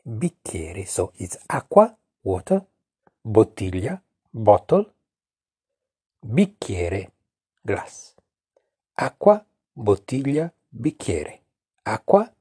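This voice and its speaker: A man's voice: on the low side, big pitch swings, warm tone, slightly rough, no echo, studio quality. A father with an Italian accent, patiently giving his daughter a casual language lesson and repeating words for her. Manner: patient, repeats words slowly and coaxes the listener.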